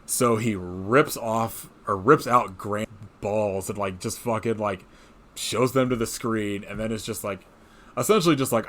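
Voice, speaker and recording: Man, fairly low voice, rambling podcast recap, laughs a lot, swears casually. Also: fairly even intonation, measured pace, fairly bright tone. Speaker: podcast co-host. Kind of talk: casual chat recapping a movie.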